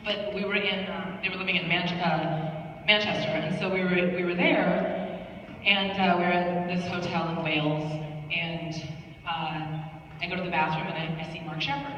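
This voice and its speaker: A woman's voice: fairly low pitch, little pitch movement, a bit bright, slight background noise. Woman on a convention stage, casual and laughing, heard far off in a reverberant hall. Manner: chatty, playful, quick to laugh. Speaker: convention panel guest. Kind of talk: casual fan Q&A chat. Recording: echoey muffled hall, mic from afar.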